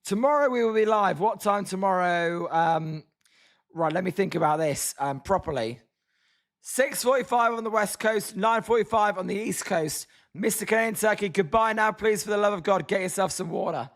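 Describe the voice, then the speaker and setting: High-voiced British man commentating a stream. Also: normal speed. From Britain. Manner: chatty, reads chat names, groans at the team. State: hoarse, voice tiring. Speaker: livestream host. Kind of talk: casual live watch-along commentary.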